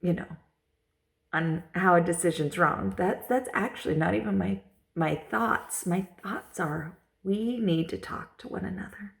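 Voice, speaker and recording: A woman's voice: fairly low pitch, unhurried, creaky. A woman vlogger telling a personal story in a casual, rambling way, repeating herself and using lots of fillers.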